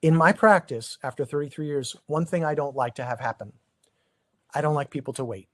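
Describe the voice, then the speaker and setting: A middle-aged man, a chiropractor, giving an informal seminar talk to colleagues, conversational and animated, firing off rhetorical questions at his listeners. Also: fairly high pitch, a little fast, dry recording. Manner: animated, asks the audience many rhetorical questions; loose, conversational, with frequent restarts. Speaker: chiropractor presenting a practice seminar.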